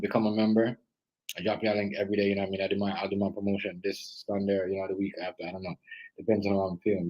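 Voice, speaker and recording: A man's voice: on the low side, poor audio. A man with a Jamaican accent chatting casually on a live stream, rambling and repeating himself as he greets viewers.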